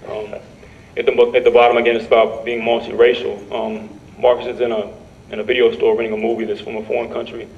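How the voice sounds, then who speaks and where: A man on a panel presenting his comic strips, relaxed, with chuckling asides. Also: medium pitch, fast. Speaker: cartoonist panelist. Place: lecture room panel. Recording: distant mic, dull sound, faint hum.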